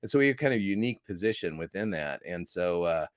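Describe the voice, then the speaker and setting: Enthusiastic American man, low voice. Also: lively intonation, fast talker, no room sound, clean studio sound. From United States. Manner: enthusiastic, rambling with restarts. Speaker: guest, movie critic. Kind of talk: casual interview talk.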